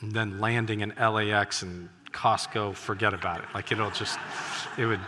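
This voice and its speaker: Male missionary preacher, lower register, sermon storytelling with sudden loud bursts, echoing sanctuary. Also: normal speed, slight background noise. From United States. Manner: animated, breaks into loud exclamations. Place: church sanctuary. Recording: reverberant church hall.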